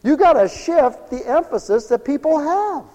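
Fervent preacher man in an echoing hall. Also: very high-pitched. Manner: storytelling with acted-out quoted dialogue, swinging from hushed to fervent cries. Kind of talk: sermon. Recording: long echoey hall reverb.

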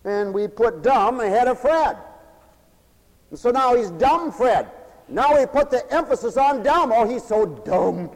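A man preaching a folksy, animated radio sermon with humorous asides. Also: extremely high pitch, unhurried, long reverb tail, low-quality recording.

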